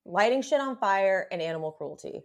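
A woman hosting a podcast in casual chat, expressive, with many agreeing murmurs. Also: medium pitch, fairly quick. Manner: expressive, lots of agreeing murmurs, reads news reports aloud.

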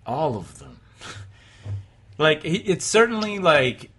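A man rambles through a casual podcast chat about movies. His voice is bright and forward, and his sentences tumble over each other with fillers and quick laughs. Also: fairly high pitch, very animated, husky. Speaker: podcast host.

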